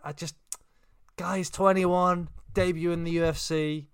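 A man co-hosting a casual fight podcast, wry and measured with a dry sense of humour. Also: high-pitched, level tone, smooth, no echo. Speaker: podcast co-host.

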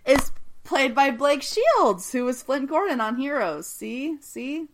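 A woman's voice: high voice, sing-song, slow pace, background noise. Chatty, swearing woman recapping a show. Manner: chatty, swears often, laughs a lot. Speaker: podcast co-host. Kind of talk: casual recap chat.

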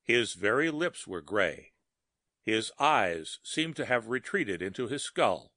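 A man narrating a story in a measured, dramatic reading. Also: lowish voice, very animated, bright, forceful tone, dry recording, clean studio sound.

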